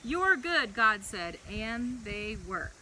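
A young woman leading a preschool chapel, reading a Bible story to young children in a playful, animated way. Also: a little high, slow pace, a little hiss or hum, low-quality recording.

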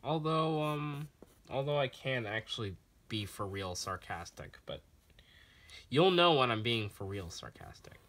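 A man's voice: medium pitch, very animated, unhurried, fairly bright tone. A man vlogging as he draws, recorded on a phone, chatting in a rambling, self-deprecating way with a voice that sounds sarcastic. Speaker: artist vlogger drawing on camera. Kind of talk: casual rambling chat while drawing.

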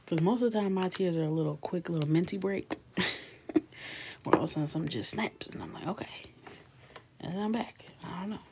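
With background noise behind her, a woman in her thirties talks fast in a lowish voice as she hosts a live coloring stream. She chats casually and laughs with viewers, keeping soft-spoken and often slipping into a whisper.

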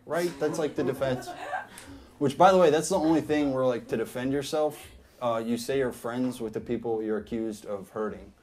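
A young man doing a stand-up comedy set on a club stage, rambling deadpan with lots of fillers. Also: medium pitch, moderate pace.

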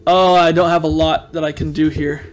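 Guy with a high voice narrating his gameplay, gets loud and worked up, faint hiss behind. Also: normal speed. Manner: excitable, loud outbursts of frustration. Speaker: gameplay commentator. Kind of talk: let's play commentary.

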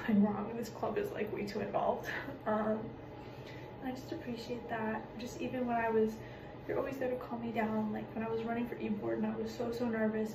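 A young woman in college recording a quiet, affectionate tribute late at night in a small bathroom, keeping her voice down so she won't wake others. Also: on the high side. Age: young adult. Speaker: college student giving a tribute. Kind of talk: recorded video message. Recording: echoey bathroom, distant mic, noisy background.

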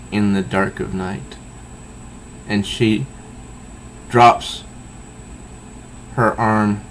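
A man casually reading a comic book aloud and commenting on it, with halting asides. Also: medium pitch, a bit bright, slight background noise.

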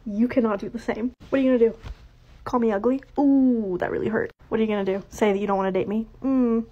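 A woman's voice: mid-range voice, steady tone, rapid-fire. A woman in a casual social video rant, sarcastic and mocking. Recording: dull lo-fi audio.

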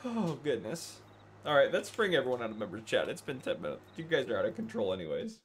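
Chatty male game streamer with a lively, bouncing pitch who keeps cracking up at chat and works through a farm run. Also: fast, slight background noise. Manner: chatty, thanks chat viewers by name; breaks into helpless laughter often. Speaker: livestream gameplay host. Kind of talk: live farming-game stream commentary.

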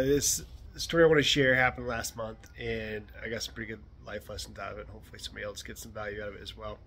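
A man of middle pitch tells a personal story straight to the camera, casual and animated, lifting his voice for the quoted lines. He is outdoors, and a faint hiss of ambient noise sits under him. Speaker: realtor telling a personal story.

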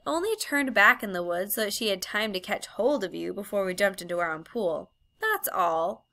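A woman voicing a young British schoolgirl who talks in a prim, sharp and sarcastic way. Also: mid-range voice, lively intonation, normal speed.

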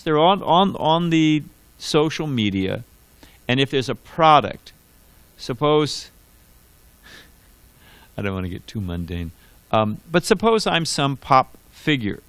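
A man teaching a scripture class, telling stories in a loose, digressive way and often restarting his sentences. His pitch swings widely as he talks, and the recording is close and dry with no room sound. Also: lively intonation, a little slow, a bit bright, no echo. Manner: conversational, digressive storytelling with restarts. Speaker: monk giving a scripture class. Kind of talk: sermon. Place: temple hall.

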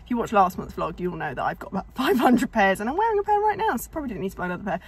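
A woman's voice: mid-range voice, very animated, very fast, husky. A young woman chatting to camera in a rambling vlog, slightly out of breath. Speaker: vlogger. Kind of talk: casual chat to camera. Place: indoors at home, later in a parked car.

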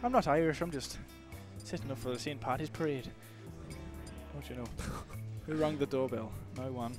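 A man commentating a live esports match, excitable and jokey, laughing often. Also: medium pitch, normal speed, over music.

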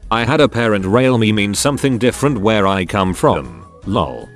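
A man with a lowish voice reads forum stories in a scripted narration. His delivery swings up and down in pitch. Soft music plays underneath. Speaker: narrator reading forum posts.

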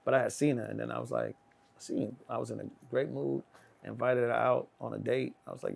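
This is a middle-aged man with a gravelly, creaky voice, spinning an anecdote in a relaxed chat. He acts out the other people's lines himself and jumps loud and high in pitch as he does. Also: brisk. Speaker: guest. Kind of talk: animated storytelling in casual chat.

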